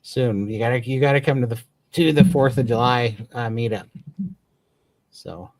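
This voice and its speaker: A man's voice: medium pitch, normal speed, no echo. A man co-hosting a casual livestream chat, talking with eager, grateful enthusiasm and rambling restarts. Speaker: podcast co-host.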